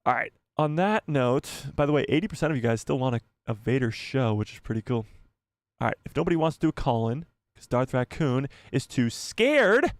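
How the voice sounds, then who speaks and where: A man hosts a live stream in a loose, rambling way, joking and laughing often. His voice sits at an ordinary pitch and sounds close and dry. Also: expressive, fast talker, darkish tone, no echo. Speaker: livestream host. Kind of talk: casual live-stream chat.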